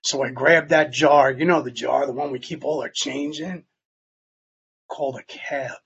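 A man telling a personal story in plain, halting words, sometimes dropping almost to a whisper. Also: mid-range voice, fairly even intonation, gravelly, fairly bright tone, dull audio, slight background noise. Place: Long Island, New York.

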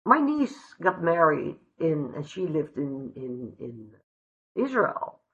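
A woman from the Netherlands gives a personal recovery share in a slow, gravelly, bright voice. She is heartfelt and blunt and swears freely. The recording is dull and lo-fi. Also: low-pitched, sing-song. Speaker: recovery meeting speaker.

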